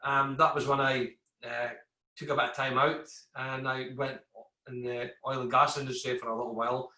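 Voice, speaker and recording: A man's voice: medium pitch, flat delivery, normal speed, pushed and bright. A man, an army veteran, telling his story in a candid podcast conversation, acting out exchanges with coworkers. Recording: echoey room.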